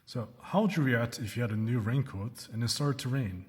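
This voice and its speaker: A male English teacher giving a recorded lesson, slowing down to model example sentences and often checking in with "right?" and "okay?". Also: medium pitch. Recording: reverberant room.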